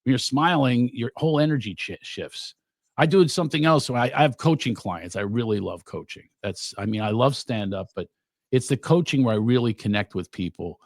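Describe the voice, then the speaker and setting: Gravelly animated comedian man. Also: medium pitch, fairly quick, no room sound, studio quality. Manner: animated storyteller, acts out quotes. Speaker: guest comedian. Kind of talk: casual podcast chat.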